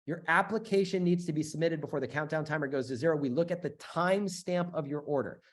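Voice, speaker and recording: A middle-aged man runs a live sales webinar, pushing his offer with emphatic repetition. His voice sits fairly high for a man, and his delivery is peppered with fillers and quick restarts. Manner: energetic, emphatic, repeats phrases, many fillers. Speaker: webinar host selling a business bootcamp.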